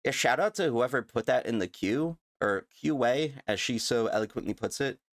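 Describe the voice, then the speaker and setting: A man's voice: medium pitch, expressive, normal speed, no echo. A young man vlogging his reaction in a rambling, stuttering way, laughing at himself. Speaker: YouTuber reacting to a clip. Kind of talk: casual reaction vlog.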